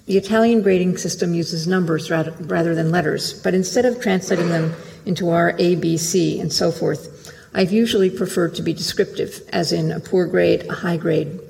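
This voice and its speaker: A literary translator reading a prepared lecture in a measured, careful way, heard in a lecture hall. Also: mid-range voice, gravelly, a little mellow. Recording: long hall reverb.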